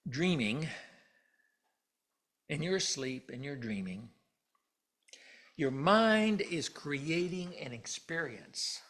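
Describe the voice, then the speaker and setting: A man's voice: a little high, fairly bright tone. Folksy joking minister man. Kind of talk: conversational sermon. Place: church hall. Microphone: handheld or stand mic, slightly ringing.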